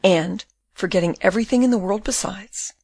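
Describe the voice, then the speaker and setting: This audiobook narrator is a woman performing a classic novel in a measured, expressive style. Her mid-range voice carries a breathy edge, and the recording is dry.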